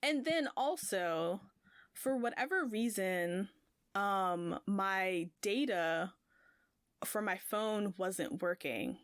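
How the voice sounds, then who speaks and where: A woman's voice: medium pitch, slow pace, clean tone, dry recording. Chatty young woman, dry close sound. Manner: rambling, heavy use of "like", animated when retelling. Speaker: podcast co-host. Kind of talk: casual storytelling chat.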